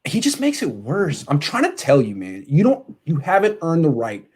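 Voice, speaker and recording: A male sports podcast host in casual chat, ranting in an animated, exasperated way. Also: on the high side, moderate pace, breathy edge.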